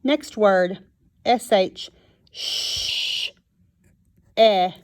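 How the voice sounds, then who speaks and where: A woman teaching a phonics lesson to young children, sounding out each word slowly and clearly. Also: medium pitch. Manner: slow and clear, sounding out words.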